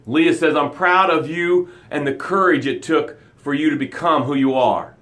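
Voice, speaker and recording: This middle-aged host of a motivational live broadcast talks at a moderate pace with hardly any pauses, reading viewer comments out loud. His energy lurches from loud, dramatic pushes down to soft, quiet lows.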